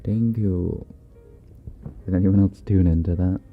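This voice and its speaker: A man hosting a livestream in a soft-spoken, laid-back way, reading chat messages and chuckling often. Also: low-pitched, fairly even intonation, unhurried, narrow, tinny audio, soft background music. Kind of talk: casual live chat.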